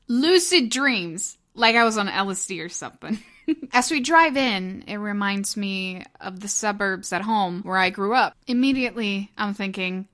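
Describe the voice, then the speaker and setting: Bright, excitable young woman storyteller. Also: medium pitch, measured pace. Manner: excitable, giggly, gushing. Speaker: animator telling a story. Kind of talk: animated storytelling vlog narration.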